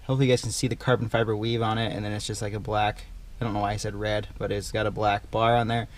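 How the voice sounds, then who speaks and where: A young man hosting a car build vlog, calmly explaining his work as he goes in a home garage. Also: on the low side, fast. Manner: laid-back, chatty, explains as he works. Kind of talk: casual garage vlog walkthrough.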